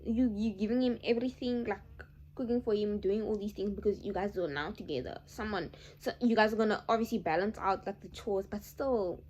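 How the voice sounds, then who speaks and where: A woman's voice: medium pitch, brisk. A young woman, chatting emphatically to her viewers in a vlog. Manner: emphatic, animated, addresses viewers as guys. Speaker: vlogger. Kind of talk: casual chat to camera.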